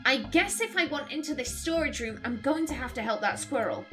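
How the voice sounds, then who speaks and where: A woman's voice: sits high, expressive, moderate pace, hardly any pauses, fairly bright tone, soft background music. A woman casually commenting while playing a video game, with chatty, amused asides. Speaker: let's play host.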